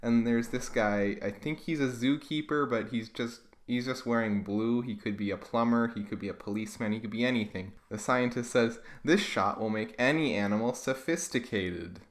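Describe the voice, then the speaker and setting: A man's voice: mid-range voice, fairly even intonation, normal speed, hardly any pauses. A man giving sarcastic, comedic commentary as he reads through comics he drew as a kid. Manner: wry, sarcastic. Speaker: YouTuber reading his own childhood comics.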